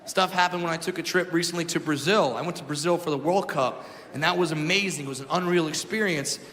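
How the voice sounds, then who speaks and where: A man doing a stand-up comedy set, shouting punchlines and acting out the characters in his stories. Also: on the high side, fast talker. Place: comedy stage before a live audience. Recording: live hall with crowd laughter and noise.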